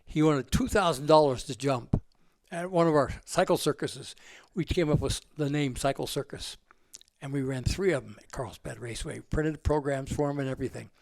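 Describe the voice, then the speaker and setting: An older man spins loose, salty anecdotes, laughing as he goes. His voice is gravelly and sits a little high for a man, and it is recorded close and dry. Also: moderate pace, no echo. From United States. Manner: rambling, profane and laughing. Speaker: guest. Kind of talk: casual storytelling.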